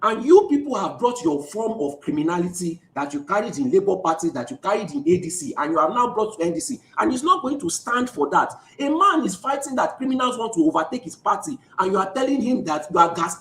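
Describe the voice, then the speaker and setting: A man with a high voice that leaps up and down as he presses his accusations. He is insistent and stumbles over his restarts in a heated debate. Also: fairly bright tone. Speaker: debate participant.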